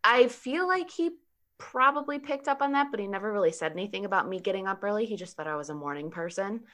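A woman telling a personal story in casual conversation, animated, laughing often and saying 'like' a lot. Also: mid-range voice, fast.

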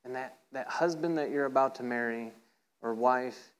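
A preacher with a smooth voice speaks at normal speed, though the audio is poor. He tells a playful story in a relaxed sermon, doing voices with rising pitch and repeatedly checking in with "right?"

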